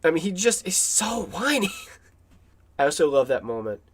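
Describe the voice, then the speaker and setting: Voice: mid-range voice, sing-song, brisk, husky. A film commentator rambles through a casual voice-over. The talk is enthusiastic and full of fillers and restarts.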